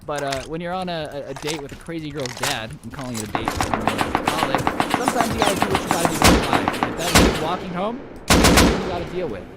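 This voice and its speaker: High-voiced young man telling rambling stories. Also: lively intonation, brisk, heavy background noise. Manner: rambling, slangy, self-interrupting. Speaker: streamer. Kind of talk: casual storytelling over gameplay. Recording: loud game gunfire behind voice.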